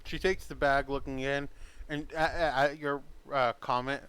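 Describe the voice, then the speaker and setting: A man's voice: medium pitch, steady tone, moderate pace, fairly bright tone, smooth. A man narrating a tabletop game as game master, casual and descriptive, with fillers.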